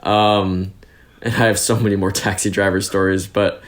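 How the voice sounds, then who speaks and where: A young man from California, a podcast guest, telling stories in a chatty, animated way with plenty of fillers. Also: sits low, normal speed. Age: young adult. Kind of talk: casual interview storytelling.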